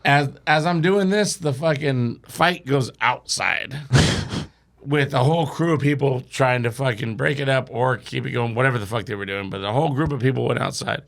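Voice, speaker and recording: A man's voice: mid-range voice, normal speed, gravelly, a bit bright. A young man telling a wild drinking story as a podcast guest, swearing and laughing through it. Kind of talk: casual storytelling.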